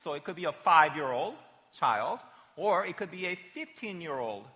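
A man in his forties preaching to children in a church, his bright, slightly high voice carrying through a long reverb. He talks casually, checking in with the kids as he goes. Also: sing-song, moderate pace. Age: 40s. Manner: chatty, checks in with "right?" and "okay?". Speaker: pastor. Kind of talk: children's sermon. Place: church sanctuary during a worship service.

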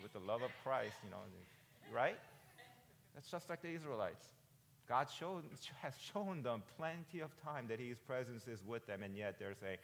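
A pastor in his forties preaching a sermon in a conversational way, often asking "right?" and rising to loud, emphatic peaks. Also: medium pitch, moderate pace, creaky, long reverb tail. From United States. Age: 40s.

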